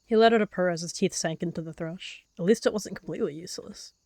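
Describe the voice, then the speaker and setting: A woman calmly narrating a game role-play as a story. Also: on the low side, fast, dry recording, clean studio sound.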